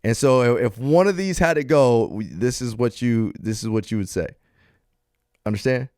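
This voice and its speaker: A man hosting a casual podcast, upbeat and quick to laugh, turning earnest at the close. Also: mid-range voice, a little mellow, dry recording. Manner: upbeat, laughs easily, earnest when closing. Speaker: podcast host.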